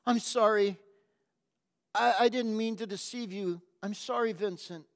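A man's voice: high voice, measured pace, smooth. A man voicing a hesitant young woman confessing. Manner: hesitant, apologetic. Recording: long hall reverb.

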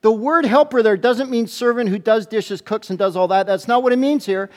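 A man preaching a sermon as a pastor to a congregation in church, animated and playful, often stumbling into quick restarts. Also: high-pitched.

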